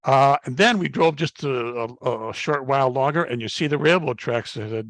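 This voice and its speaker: A man's voice: mid-range voice, moderate pace, a bit bright, dry recording. An older man in his seventies from Chicago, giving a slide talk to an astronomy club as guest speaker and telling folksy stories with plenty of fillers and restarts. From Chicago, United States. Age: 70s. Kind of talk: slide talk with personal anecdotes.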